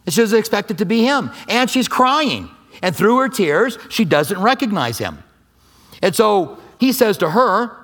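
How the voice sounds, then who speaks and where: A middle-aged male pastor preaching a sermon, telling a story with big swings between loud, animated stretches and hushed, quiet ones. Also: high-pitched.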